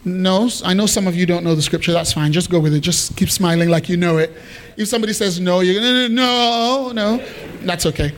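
A man's voice: high-pitched, fast. A man preaching a sermon to his congregation, playful and teasing, with lots of questions to the room. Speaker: pastor. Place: church hall with congregation.

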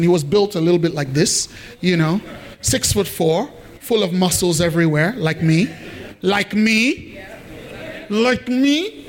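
A man preaching a sermon to a congregation, animated and humorous, calling for responses from the crowd. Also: high-pitched. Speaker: pastor.

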